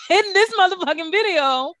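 Young woman, profane animated storyteller. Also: fairly quick, dry recording. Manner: profane, animated storytelling with big pitch swings. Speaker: podcast co-host. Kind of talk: casual chat.

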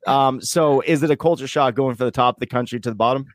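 A man's voice: mid-range voice, quick pace, dry recording, studio quality. A man from Vermont co-hosting a podcast, talkative and joking, swearing freely in casual chat. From Vermont, USA. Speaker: podcast co-host.

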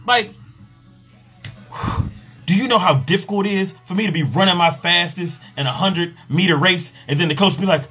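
Husky, slightly high-voiced man; profane, exasperated comic rant. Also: moderate pace, pushed and bright, faint music behind. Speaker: sexologist and pleasure coach. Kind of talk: comedic rant on a podcast.

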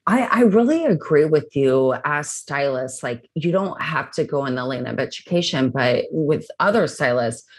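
A woman co-hosting a podcast chat, eager and agreeing, with her pitch swinging up as she talks. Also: animated, moderate pace, hardly any pauses.

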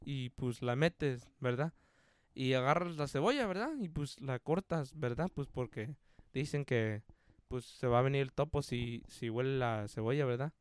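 A guy doing an old field hand, slow and patient. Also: mid-range voice, clean tone, no room sound, clean studio sound, natural voice. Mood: patient instructing. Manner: slow, repetitive, ends every phrase with a questioning tag. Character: older Spanish-speaking male field worker who ends every sentence with 'verdad'.

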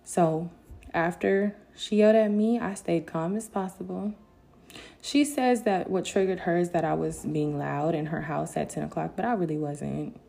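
A woman vlogger telling a candid story time to her viewers, casual and animated, with bursts of indignation. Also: on the low side, moderate pace, gravelly.

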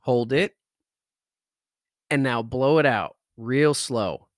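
A man's voice: mid-range voice, takes it slowly, no echo, clean studio sound. A man hosting a podcast, giving an intense motivational pep talk straight to the listener with repeated urgings that build in energy. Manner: intense, building from calm to fired up; repetitive exhortations, speaks directly to listener. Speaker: podcast host.

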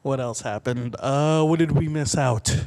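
A man co-hosting a podcast in casual chat, excitable and playful, often echoing his partner's lines. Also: mid-range voice, a little slow. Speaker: podcast co-host.

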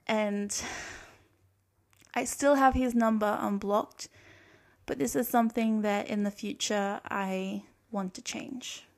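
A woman's voice: medium pitch, fairly even intonation, takes it slowly. Young Australian woman, confessional storytime host, earnest and reflective, mid-range voice. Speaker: podcast host.

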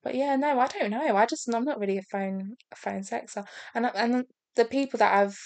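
A woman's voice: a little high, a little fast, dry recording. A young woman, chatting casually as a podcast co-host and laughing through her stories. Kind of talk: casual chat.

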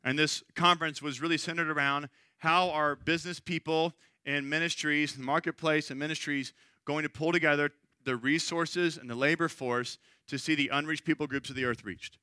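A man's voice: on the high side, steady tone, moderate pace, bright, forceful tone, clean tone, no room sound. A middle-aged man preaching a sermon, talking in a conversational storytelling way and checking in with "right?". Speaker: pastor.

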